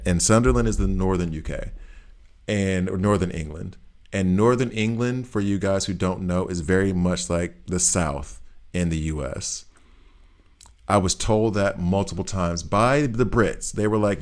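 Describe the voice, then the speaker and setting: A man's voice: low voice, unhurried. A man streaming a video game, chatting casually and joking as he plays, rambling and often laughing. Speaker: gaming streamer. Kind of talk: casual gameplay commentary.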